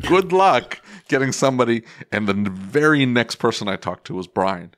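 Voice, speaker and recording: A man co-hosting a podcast, telling an excitable story in casual chat and acting out quotes. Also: fairly low pitch, normal speed, hardly any pauses. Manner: excitable storyteller, animated quoting. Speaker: podcast co-host.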